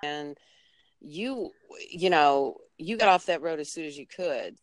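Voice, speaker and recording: A woman with a lowish voice speaks as a guest on a podcast over a remote call. She is reflective and halting, restarting her sentences often. The sound is dry and close. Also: lively intonation, dry recording. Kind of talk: casual interview conversation.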